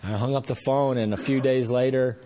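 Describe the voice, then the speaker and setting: A man's voice: medium pitch, fairly even intonation, a little fast, warm tone. A man giving a personal recovery testimony at a meeting, earnest and rambling, talking in a conversational way with frequent restarts. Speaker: speaker sharing recovery story.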